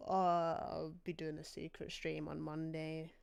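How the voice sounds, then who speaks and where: Slow-talking, sweary woman streamer. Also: low-pitched, flat delivery, vocal fry, smooth. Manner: loud, sweary outbursts with shrieks of disbelief. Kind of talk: live game stream reactions.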